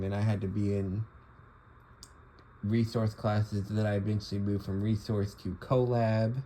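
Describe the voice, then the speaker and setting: A man's voice: on the low side, warm tone, a little hiss or hum, rough recording. A young man talking casually to the camera, rambling with lots of fillers and restarts. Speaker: vlogger. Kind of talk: casual monologue.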